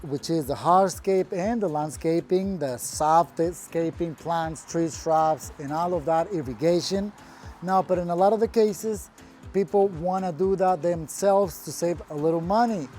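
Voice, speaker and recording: A man's voice: on the high side, a little mellow. A man working as a landscaping contractor, giving a casual, upbeat walkthrough of a finished patio outdoors. He talks plainly and sounds proud of the work.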